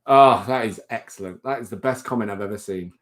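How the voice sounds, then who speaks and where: A man's voice: fairly quick, a bit bright. Chatty man hosting a livestream. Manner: rambling, chatty, laughs often, reads out viewer comments; coos in a high baby voice at a pet rabbit. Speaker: livestream host. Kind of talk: casual livestream chat.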